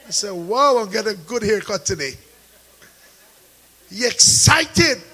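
A man preaching a sermon, calling out to the congregation and rising into shouts. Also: high voice, animated, unhurried, husky, low-quality recording. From Caribbean. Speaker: pastor.

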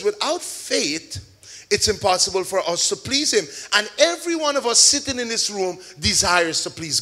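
Male preacher, sermon, very high pitch, call-and-response, shouted emphasis. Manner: homely store examples, chatty asides. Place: church service with a congregation.

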